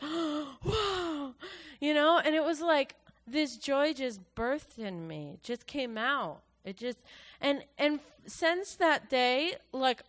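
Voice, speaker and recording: A woman's voice: high voice, fairly bright tone. A woman giving a personal testimony to her church, talking in a conversational, earnest way and retelling scripture in her own words.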